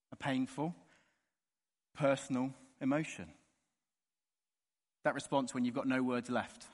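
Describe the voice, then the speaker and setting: A man preaching a sermon in an earnest way, dropping soft and slow on the key words. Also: medium pitch, fairly even intonation. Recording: long reverb of a large hall.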